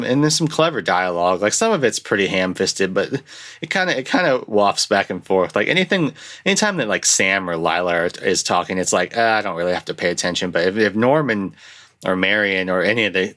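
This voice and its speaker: A young man hosting a casual film review, rambling and restarting often, with lively jumps into quoted lines. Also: low voice. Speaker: podcast host reviewing films. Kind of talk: casual chat.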